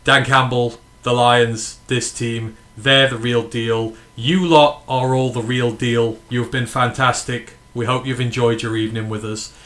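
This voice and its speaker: A man from the UK hosting a live fan watch-along stream, talking in an excited, emphatic way and swearing freely. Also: medium pitch, unhurried, few pauses. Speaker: fan podcast host.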